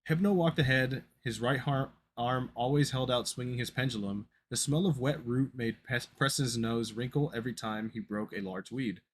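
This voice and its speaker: On a podcast, a co-host with a mid-range voice reads a horror story at a moderate pace, barely pausing. He stumbles often and corrects himself in the casual reading, with slight background noise behind him.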